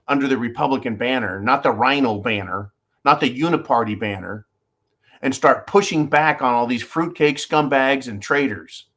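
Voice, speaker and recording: A man in the middle of an angry rant on his own live show, swearing and hammering the same phrases again and again. His voice sits in an ordinary middle pitch, and he keeps calling out to his audience as folks. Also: a bit bright. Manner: fired-up, profane, repeats phrases, addresses "folks". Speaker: host of a live call-in show. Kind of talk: heated political rant.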